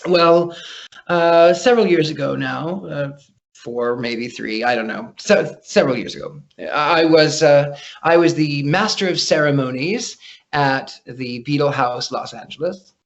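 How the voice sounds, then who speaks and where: An animated man tells stories with a fairly high voice, stumbling and repeating himself as he gets going. He is a guest on a podcast. The audio is dull and lo-fi. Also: a little slow, creaky. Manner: animated, repeats words when starting sentences. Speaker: psychic guest. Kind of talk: casual storytelling interview.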